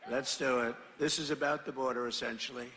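A man giving a rambling rally speech, asking the crowd questions and shouting. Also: medium pitch, fairly even intonation, brisk. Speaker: political speaker. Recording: reverberant large venue.

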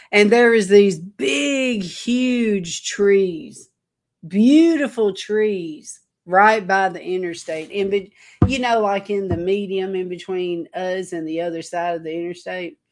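A woman preacher giving an informal sermon to an online audience, telling a rambling story in an earnest way. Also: medium pitch.

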